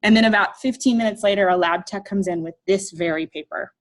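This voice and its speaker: A middle-aged woman artist speaks to a live audience. She tells a personal story with humor and self-deprecation. She keeps it lively, slipping into the voices of the people in it, with a voice in the middle of the usual range. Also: mid-range voice, brisk. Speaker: artist giving a talk.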